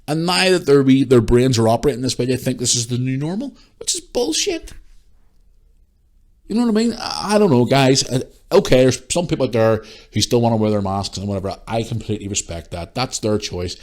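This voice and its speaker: A man's voice: mid-range voice, lively intonation, darkish tone. A man hosting a podcast, ranting in a casual monologue, exasperated and swearing freely as he retells encounters. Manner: retells encounters with quick changes of voice. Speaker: podcast host.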